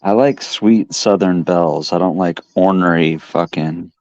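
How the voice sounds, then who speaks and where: Deep-voiced man with crude asides. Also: unhurried, darkish tone, dry recording, muffled recording. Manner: terse, crude interjections. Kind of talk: casual livestream chat.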